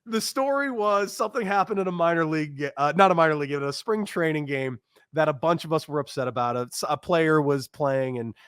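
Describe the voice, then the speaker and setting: A man in his thirties, a former ball player, telling stories in a casual interview, animated and laughing. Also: on the high side, a little fast, clean tone, no room sound, studio quality. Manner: animated storyteller, acts out quoted voices, laughs often.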